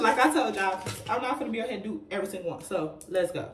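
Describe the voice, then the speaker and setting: A woman's voice: fairly high pitch, a little fast. Chatty woman vlogger in an echoey room. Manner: chatty, addresses viewers as y'all, laughs often. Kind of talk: casual makeup tutorial. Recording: echoey room, faint noise.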